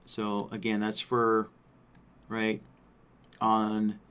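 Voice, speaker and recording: A man presenting a live software workshop, walking through settings on screen while thinking aloud and checking in with listeners. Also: fairly low pitch, completely flat delivery, very slow, clear, resonant tone. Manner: thinks aloud, frequent "right?" check-ins.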